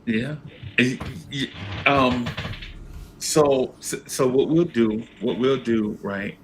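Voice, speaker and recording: A man's voice: medium pitch, slow pace, noisy background. A man hosting a casual sports talk show, telling stories with animation and acting out other people's voices. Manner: animated storyteller, acts out voices. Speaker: podcast host.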